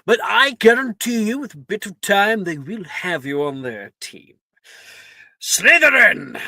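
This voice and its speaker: A game master voicing a wry, shrewd old talking hat that sorts students, musing and teasing before loud verdicts. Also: mid-range voice, sing-song, unhurried, no room sound, studio quality, pitched above the performer's own voice, full character voice. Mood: wise.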